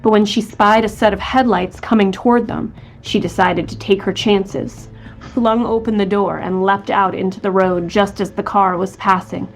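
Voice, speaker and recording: A woman's voice: mid-range voice, steady tone, normal speed, faint music behind. A woman co-hosting a podcast, reading a true crime story from a script and voicing quotes from the people in it. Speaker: podcast co-host.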